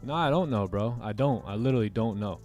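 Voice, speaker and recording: A man's voice: fairly low pitch, expressive, fast talker, darkish tone, soft background music. A man hosting a livestream, chatting casually and animatedly about mindset, often tacking on "right?" and "man". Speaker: trading livestream host. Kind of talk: casual motivational chat.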